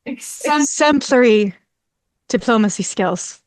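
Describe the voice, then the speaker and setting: A woman's voice: on the high side, animated, slow, no room sound. A woman player in a tabletop game, teasing others in a dry way.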